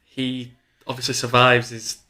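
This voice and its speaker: A man who is a guest on a casual film chat podcast, speaking in a measured, matter-of-fact way. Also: medium pitch, monotone, a crowd in the background.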